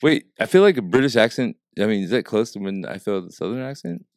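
A man co-hosting a podcast in casual chat, earnest and careful, often starting his sentences over. His voice is low yet lively in pitch, recorded dry and close. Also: fast talker, no room sound.

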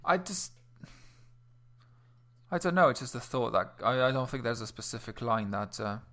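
A man's voice: mid-range voice, animated, normal speed, pushed and bright. A man co-hosting a casual chat about poetry, often hesitating and repeating words.

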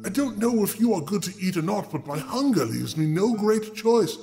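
A starving young tailor from a storybook, grumbling about his empty stomach in flowery, pompous phrases, as a male storyteller reads him. The voice sits high and moves around a lot. Faint guitar music plays behind him. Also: big pitch swings, moderate pace, mellow. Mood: hungry grumbling.

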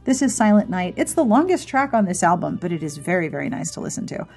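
Chatty, husky-voiced woman podcast host. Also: fairly low pitch, sing-song, quick pace, darkish tone. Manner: chatty and giggly, easily amused. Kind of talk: podcast outro. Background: faint music.

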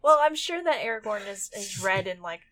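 A woman chatting casually as a podcast co-host, playful and quick with quips. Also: medium pitch, lively intonation, fairly bright tone. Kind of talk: casual chat.

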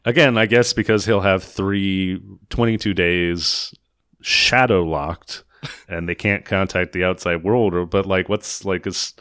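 A man with a deep, low voice talks through a movie plot in a loose, rambling way, swearing now and then. The recording is dry and close, with no room sound. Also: steady tone, a little slow, fairly bright tone, clean tone, dry recording. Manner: rambling, profane, loose recap. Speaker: podcast host recapping a film. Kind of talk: casual chat.

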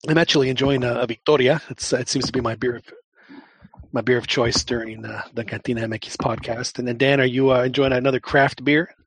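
A man's voice: mid-range voice, fairly even intonation, brisk, husky. A man hosting a casual football podcast, speaking in a friendly, hesitant way with lots of fillers and restarts. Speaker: podcast host. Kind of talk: casual chat.

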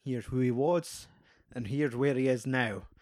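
A man's voice: mid-range voice, measured pace, no room sound, studio quality. A young man, chatting casually and animatedly about a film, swearing freely. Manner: animated, sweary, acts out quoted lines.

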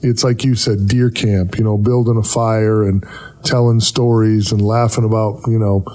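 A man chatting casually and reminiscing in a relaxed, rambling way, laughing easily. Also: lowish voice, moderate pace. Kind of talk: casual chat.

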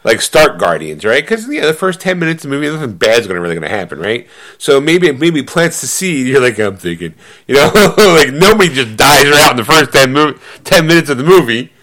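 A man's voice: medium pitch, fairly quick. A man co-hosting a podcast, chatting casually and laughing often. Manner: animated, acts out voices of himself and his wife. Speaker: podcast co-host. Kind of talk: casual chat.

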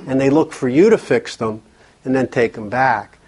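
A man's voice: mid-range voice, moderate pace, darkish tone, breathy edge. A man speaking earnestly at a church counseling workshop, often repeating words as he thinks. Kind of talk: conversational workshop talk.

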